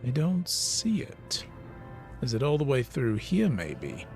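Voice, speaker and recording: A man streaming a video game, reacting excitedly and reading in-game text aloud. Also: medium pitch, slow, faint music behind. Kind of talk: let's play commentary.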